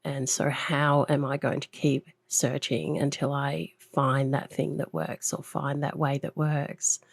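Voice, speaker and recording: A woman hosting a podcast interview, talking in an earnest, reflective way that is sometimes halting. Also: extremely low pitch, little pitch movement, gravelly, breathy edge, no echo. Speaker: podcast host. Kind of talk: conversational interview.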